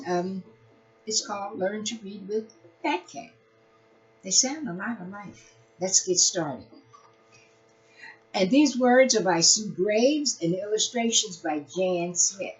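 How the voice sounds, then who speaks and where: Woman, children's reading teacher, storybook read-aloud, bouncy pitch, unhurried, muffled lo-fi sound. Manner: animated, sing-song storybook delivery with playful asides. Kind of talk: reading a picture book aloud to young children. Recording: dull lo-fi recording.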